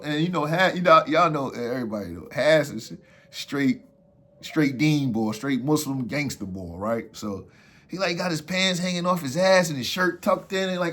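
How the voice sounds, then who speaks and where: A man's voice: medium pitch, moderate pace. A man telling a story from his past in casual street slang, acting out what others said in raised voices. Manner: animated, acts out quotes in raised voices.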